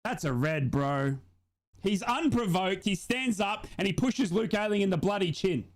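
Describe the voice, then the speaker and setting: A young man runs a live football watch-along, calling the action as an emotional, swearing fan. His voice sits high for a man. He talks straight to his viewers throughout the stream. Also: animated, moderate pace.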